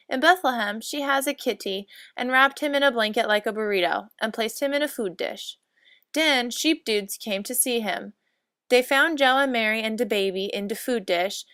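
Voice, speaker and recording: A woman's voice: on the high side, fairly bright tone, clear, resonant tone, no room sound, clean studio sound. A woman narrating a comic storybook in mock-solemn lolcat speak.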